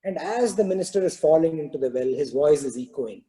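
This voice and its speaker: A man telling a parable during a spiritual talk, in a relaxed storytelling manner with many "you know" fillers. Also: fairly high pitch, a little fast, rough recording. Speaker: spiritual discourse teacher.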